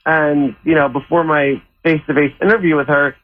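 A man's voice: a little high, fairly even intonation, fairly quick. A man calling in to a radio show, sheepishly confessing and rambling through his story. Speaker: caller. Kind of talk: phone-in confession. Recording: tinny phone line.

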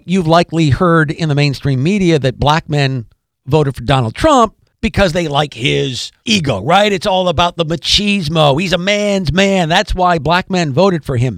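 A man's voice: high-pitched, no echo, clean studio sound. A man hosting a podcast, delivering an emphatic political commentary monologue, repeating key phrases and addressing listeners directly. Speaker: podcast host.

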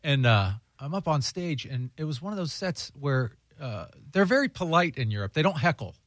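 A man's voice: a little high, big pitch swings, moderate pace, a bit bright, dry recording. A man, a guest comedian, chatting casually and telling road stories in a laid-back way. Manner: laid-back storyteller, says "dude" and "bro". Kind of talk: casual chat.

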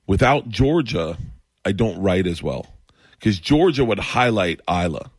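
Husky animated man telling stories. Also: low voice, measured pace, dry recording, clean studio sound. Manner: laughs through his stories, voices his family in quotes. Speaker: comedian guest. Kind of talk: animated storytelling chat.

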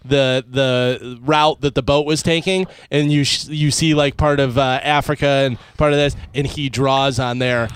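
A man's voice: mid-range voice, fairly even intonation, moderate pace, few pauses, clean tone, dry recording. A male radio co-host in casual comedic banter, chiming in and adding to a shared story.

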